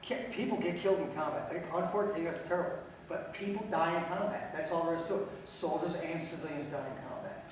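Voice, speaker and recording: A middle-aged man talks fast with hardly any pauses, his voice a little high and steady, while telling blunt, joking stories and questioning his audience. He's recorded far from the mic in a very echoey lecture hall, with slight background noise.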